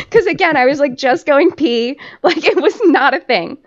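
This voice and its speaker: Sex: woman. Role: podcast host. Style: casual storytelling, laughing and swearing, rambling with fillers. Pitch: somewhat high. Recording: dull lo-fi audio. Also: a little slow. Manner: laughs often while telling.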